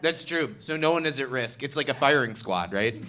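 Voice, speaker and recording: A man's voice: mid-range voice, animated, normal speed, very noisy. A comedian man guesting at a live theatre show, making wry, articulate quips.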